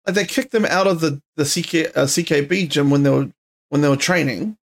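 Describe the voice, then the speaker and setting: Rambling New Zealand podcast host, tired. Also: male voice, fairly high pitch, fairly quick, vocal fry. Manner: rambling, swears freely, lots of fillers and slang. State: tired, yawning. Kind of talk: casual solo podcast chat. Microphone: podcast microphone.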